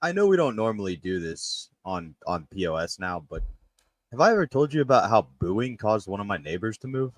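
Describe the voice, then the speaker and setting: A man from Memphis, co-hosting a podcast, telling a story in a casual, animated way and shouting when he quotes others. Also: fairly low pitch, fairly quick, no echo, poor audio. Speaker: podcast co-host.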